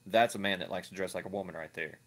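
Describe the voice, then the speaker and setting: A man's voice: low-pitched, fast, a bit bright. A man giving ranting reaction commentary, crude, profane and mocking, often repeating himself. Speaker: online video commentator.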